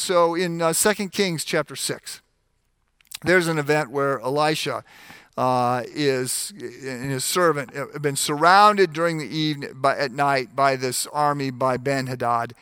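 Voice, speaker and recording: A man preaching a sermon, animated, acting out the voices in the scripture stories as he goes. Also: medium pitch, a little slow, clean tone, no echo, studio quality. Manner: frequent restarts and fillers while explaining. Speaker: pastor.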